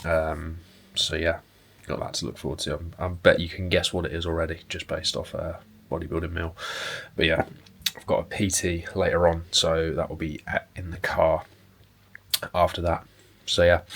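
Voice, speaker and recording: A young man chatting casually to camera in a relaxed, rambling way, with fillers and some swearing. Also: deep voice, moderate pace, gravelly. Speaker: bodybuilding vlogger and personal trainer. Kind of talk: casual vlog chat to camera. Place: indoors at home and in a parked car.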